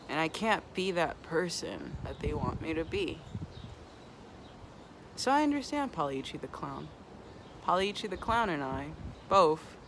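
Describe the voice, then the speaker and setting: A vlogger speaking very slowly and earnestly, lingering on each thought with a melancholy, musing air. The voice sits at a mid pitch, with faint noise in the background. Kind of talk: slow reflective monologue to camera.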